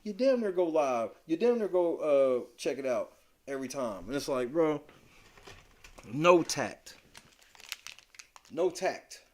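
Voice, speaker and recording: A man's voice: animated, moderate pace. A man co-hosting a podcast, giving blunt, profane, slang-heavy commentary on reality TV in a casual chat. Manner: blunt, profane, slangy, swings between low mutter and loud emphatic rants. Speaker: podcast co-host.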